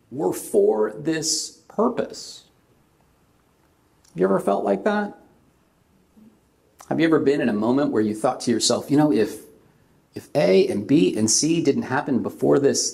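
A man's voice: a little high, vocal fry, darkish tone. A middle-aged man from California preaching a sermon, telling a personal story and acting out the voices in it. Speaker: pastor.

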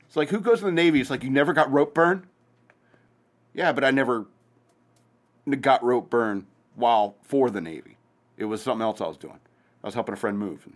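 A man's voice: mid-range voice, expressive, fairly quick. A man hosting a podcast, telling loose stories in a casual rambling way, swearing and chuckling as he goes. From Virginia. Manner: loose, profane storytelling with chuckles. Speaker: podcast host.

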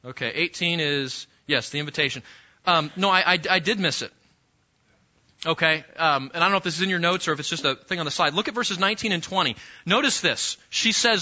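A man teaching a sermon-style Bible lesson, animated and acting out the scenes he describes, often repeating himself. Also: a little high, a little fast, dull audio.

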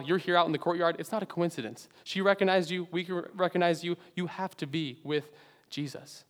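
A man preaching a sermon earnestly, swinging between loud emphatic phrases and hushed low endings. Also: fairly quick. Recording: long hall reverb.

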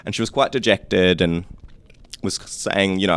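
A man's voice: deep voice, steady tone, normal speed, fairly bright tone, smooth. A man co-hosting a podcast, telling reflective, hesitant stories about campaigning. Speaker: podcast co-host. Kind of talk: casual political chat.

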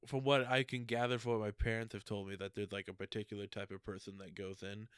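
Low, smooth-voiced man chatting on a podcast. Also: little pitch movement, a bit bright, dry recording. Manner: halting, many fillers and restarts. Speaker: podcast co-host. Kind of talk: casual podcast chat.

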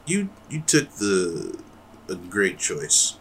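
A man's voice: low-pitched, very animated, slow, creaky, fairly bright tone, a little hiss or hum. A man co-hosting a podcast in loose, rambling casual chat, swearing freely. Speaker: podcast co-host.

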